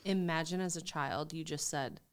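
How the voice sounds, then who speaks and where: A woman's voice: low voice, moderate pace, clean tone. A woman co-hosting a podcast in casual chat, teasing and giggly. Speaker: podcast co-host.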